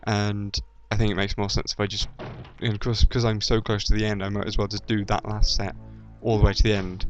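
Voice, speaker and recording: Fairly low-pitched and flat, his delivery is fairly quick with few pauses. He's a young British let's-player from the English Midlands, generic British accent with a touch of Midlands, rambling through a casual video chat full of ums and self-corrections; the recording is dull lo-fi with faint game music.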